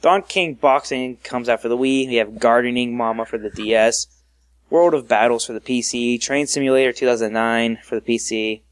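A man hosting a casual gaming podcast, reading through a list briskly and joking with his co-hosts. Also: medium pitch, steady tone, no echo. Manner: reads a list briskly, jokey. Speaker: podcast host.

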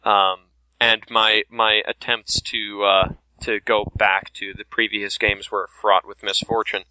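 A man's voice: on the low side, flat delivery, measured pace, bright, forceful tone, smooth, rough recording. A man co-hosting a casual gaming podcast, rambling and hesitant, with the odd curse. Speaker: podcast co-host.

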